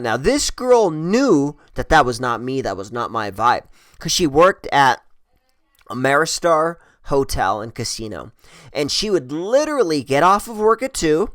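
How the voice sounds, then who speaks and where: A man's voice: mid-range voice, big pitch swings, normal speed, fairly bright tone, no room sound. A man telling a personal story in a casual, rambling way, swearing a lot and joking crudely. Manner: profane, rambling, crude humor.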